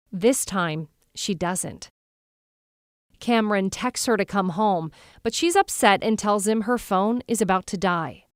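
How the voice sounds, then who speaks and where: A woman host giving measured, scripted true-crime narration. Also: mid-range voice, clear, resonant tone, dry recording, studio quality. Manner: measured, storytelling delivery. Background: background music.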